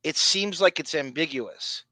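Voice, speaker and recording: A man from Long Island co-hosting a podcast, talking in an animated, excitable way with frequent restarts. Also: on the high side, unhurried, no room sound. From Long Island, New York. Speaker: podcast co-host. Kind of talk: casual chat.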